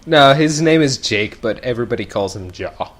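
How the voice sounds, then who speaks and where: A man's voice: medium pitch, animated, moderate pace, fairly bright tone. A young man hosting a casual gaming podcast, rambling and laughing as he goes. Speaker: podcast host. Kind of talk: casual chat.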